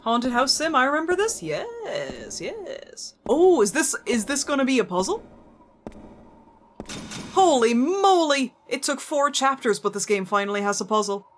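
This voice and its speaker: Her voice sits high and swings widely in pitch, and she takes her time, with a faint hiss or hum audible. She's a woman giving live commentary on a horror game, chatting, joking, cursing casually and answering back to the characters.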